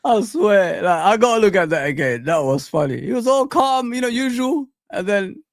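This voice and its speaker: A man hosting a live football stream, chatting in a laid-back, slangy way and shouting out his viewers. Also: sits high, very animated, moderate pace, no echo, studio quality. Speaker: football channel host. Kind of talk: casual live-stream commentary.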